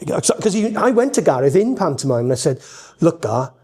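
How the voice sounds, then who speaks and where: Welsh man, middle-aged, entertainer, animated storyteller, rambling, fairly high voice. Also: brisk, husky. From Wales. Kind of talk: podcast conversation.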